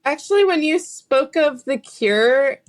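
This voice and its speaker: A woman's voice: sits high, expressive, a little slow. Giggly woman guest saying "like" a lot. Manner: heavy use of "like", giggly and easygoing. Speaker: guest musician. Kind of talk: casual interview chat.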